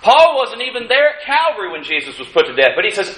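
Pastor, male, high bright voice, folksy sermon style with wry asides, roomy church sound. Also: big pitch swings, fast talker. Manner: folksy preaching with dry humorous asides; rises in emphasis on key lines. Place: church sanctuary. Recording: echoey room. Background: congregation calling out amens.

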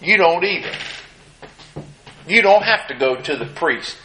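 A man's voice: fairly high pitch, expressive, unhurried, bright, forceful tone, a little hiss or hum. A male preacher giving an emphatic sermon and reading scripture aloud. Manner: emphatic, reads scripture in old-fashioned phrasing. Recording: echoey room.

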